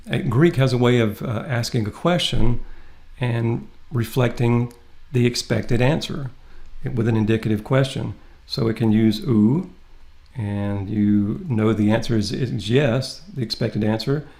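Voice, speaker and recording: A man teaching a Greek translation lesson. He explains the grammar step by step and reads the Greek aloud slowly. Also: medium pitch, darkish tone. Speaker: Greek instructor. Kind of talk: classroom lecture.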